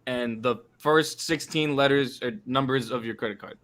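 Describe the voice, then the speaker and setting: A man with a bright, forceful voice co-hosts a sports talk show. He delivers his jokes in a dry, deadpan way. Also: mid-range voice, normal speed. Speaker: show co-host.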